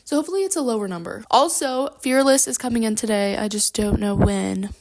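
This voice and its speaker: A bubbly young woman rambles through a casual vlog from her home, full of fillers and quick asides. Her voice sits a little high, with a gravelly fry at the ends of her words. She talks into a handheld microphone. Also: darkish tone. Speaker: book vlogger. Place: at home, moving between rooms.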